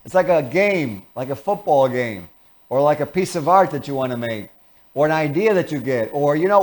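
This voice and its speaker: A man hosting a talk show, giving an earnest, animated motivational lecture and acting out examples. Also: on the high side, moderate pace. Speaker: host and lecturer.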